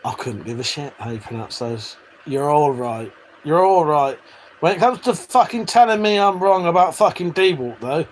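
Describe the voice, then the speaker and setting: A man's voice: high-pitched, big pitch swings, measured pace, a little hiss or hum. A man hosting a livestream, reading out chat messages in a casual, joking way, swearing freely and laughing often. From Britain.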